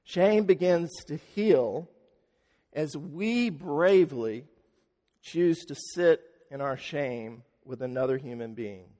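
Man, sermon, dramatic storyteller, fairly high voice, long hall reverb. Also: takes it slowly. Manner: dramatic storytelling, swings from loud to hushed. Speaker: preacher.

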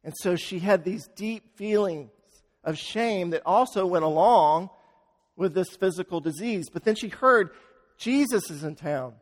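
A man preaching a sermon, telling a story dramatically and swinging from loud, fast passages to hushed, slow ones. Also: sits high, big-room sound.

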